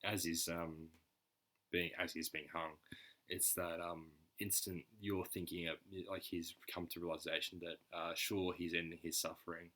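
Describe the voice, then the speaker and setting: A man hosting a music reaction video, talking in a halting, earnest way with lots of restarts and fillers, sounding choked up. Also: deep voice, little pitch movement, sharp tone. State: choked up, emotional. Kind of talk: casual reaction commentary.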